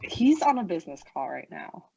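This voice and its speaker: A young woman from New Jersey, co-hosting a casual podcast chat, excitable and quick to defend herself. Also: lowish voice, creaky, breathy edge, highs cut off. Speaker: podcast co-host.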